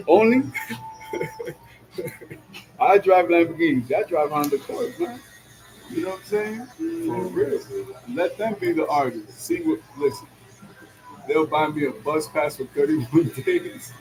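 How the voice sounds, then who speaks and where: A man's voice: fairly high pitch, very animated, takes it slowly, pauses often, darkish tone, low-quality recording. A man in a casual monologue, slangy and full of "yo", laughing often as he talks while driving. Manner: slangy, peppered with "yo" and "you know what I'm saying"; laughs often between lines. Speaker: vlogger. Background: music.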